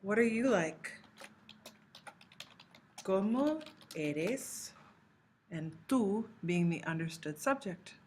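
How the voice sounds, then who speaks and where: A woman teaching a recorded language lesson, explaining patiently step by step and slowing down to model example phrases. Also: fairly low pitch, lively intonation, a little hiss or hum. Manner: slows down to model Spanish phrases. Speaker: Spanish teacher.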